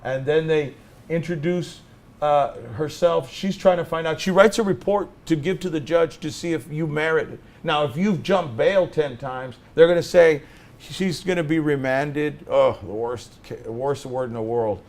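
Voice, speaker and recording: A middle-aged man teaching a class as a lawyer, telling stories and acting out both sides of the conversations in an animated way. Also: a little high, normal speed. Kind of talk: lecture with acted-out anecdotes.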